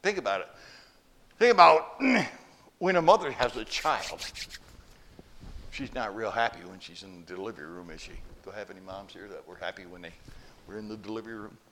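A man's voice: on the low side, lively intonation, fairly quick, sharp tone, a little hiss or hum. Storytelling male preacher asking questions. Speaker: pastor. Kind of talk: sermon. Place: church.

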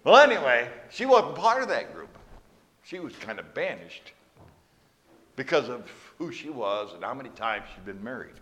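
Lively storytelling male preacher. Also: medium pitch, moderate pace. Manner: storytelling, conversational with asides. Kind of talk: sermon.

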